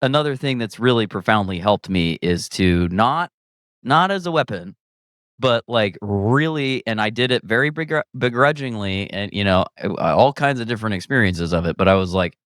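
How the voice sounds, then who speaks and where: A man's voice: medium pitch, normal speed, dry recording, studio quality. A man, a guest comedian, talking candidly in a casual conversation, reflective and rambling, restarting his sentences and laughing often. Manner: reflective and rambling, with frequent restarts and lively self-quotes.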